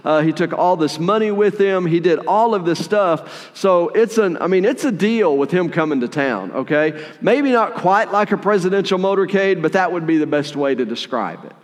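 A man preaching a sermon in a conversational, animated way, with playful asides while retelling a story. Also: sits high, normal speed, hardly any pauses, in a large hall. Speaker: pastor.

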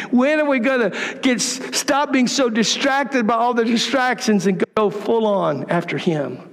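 A man with a high voice preaches with emphatic, impassioned conviction. His words ring out with a long reverb, like a church sanctuary. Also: measured pace, a bit bright. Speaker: pastor. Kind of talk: sermon.

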